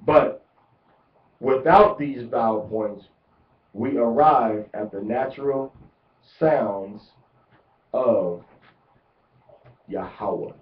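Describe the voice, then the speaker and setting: A man giving a deliberate religious lecture, repeating words to drive each point home. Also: medium pitch. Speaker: religious teacher. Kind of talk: instructional lecture. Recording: echoey, distant, muffled lo-fi.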